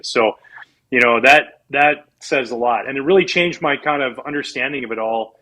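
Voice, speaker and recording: A husky-voiced man in his forties, a retired pro athlete, talks through his career in an easygoing interview. He tells his stories with energy and slips into the voices of the people he quotes. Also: medium pitch, moderate pace, poor audio. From Canada. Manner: animated storyteller, acts out quoted people. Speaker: former pro athlete guest. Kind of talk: casual storytelling interview.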